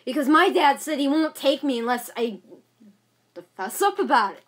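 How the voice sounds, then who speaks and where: High-voiced young woman ranting. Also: lively intonation, normal speed. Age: young adult. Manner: agitated ranting, many fillers and repeats. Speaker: vlogger. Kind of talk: casual venting vlog.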